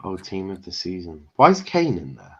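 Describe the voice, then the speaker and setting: A man's voice: low voice, very animated, moderate pace, fairly bright tone, breathy edge, dull audio. A man, a referee guest on a live stream, talking in a blunt, opinionated, casual way and laughing at his own stories.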